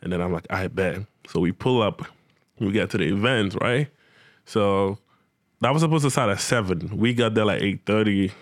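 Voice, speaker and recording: A young man telling a comic personal anecdote in casual slang, animated and acting out his own reactions. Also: fairly low pitch, moderate pace, no echo, clean studio sound. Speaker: storyteller.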